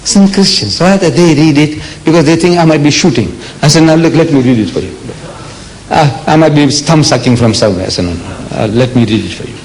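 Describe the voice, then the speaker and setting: A man's voice: a little high, a little mellow, rough recording. Emphatic older man lecturing on religion. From South Africa. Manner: emphatic, rhetorical questions to the audience; slow, deliberate delivery with dramatic pauses.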